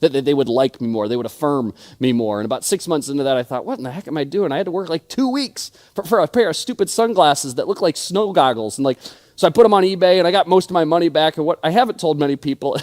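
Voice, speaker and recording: A high-pitched, darkish male voice belongs to a pastor in his thirties giving a sermon. He tells stories, acting out the friends he quotes, and often stutters and repeats words.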